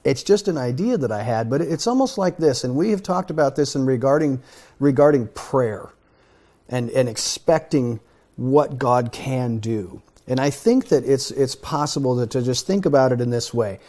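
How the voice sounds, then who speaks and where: Man, Bible study leader, earnest, thinking aloud, mellow voice. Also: mid-range voice, lively intonation, normal speed. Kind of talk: conversational Torah study discussion.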